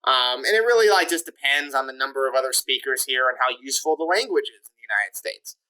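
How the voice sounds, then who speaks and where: A man speaking as a podcast guest, laying out his points step by step in a casual way, with a steady stream of "like" and "you know" fillers. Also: medium pitch, quick pace, poor audio. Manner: lays out points step by step with rhetorical questions. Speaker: podcast guest discussing immigration. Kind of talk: casual explanatory interview talk.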